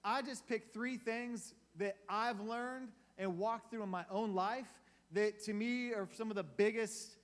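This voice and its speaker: A man's voice: sits high, fairly even intonation, unhurried. A man giving a casual, conversational sermon as a youth pastor, asking his audience questions. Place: church hall. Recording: long reverb of a church hall.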